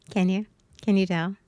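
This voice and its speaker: A woman's voice: mid-range voice, dark tone, no room sound, muffled recording. A woman, a mother hosting a livestream from home. She chats casually and rambles, with many fillers and restarts. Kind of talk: casual rambling chat to viewers.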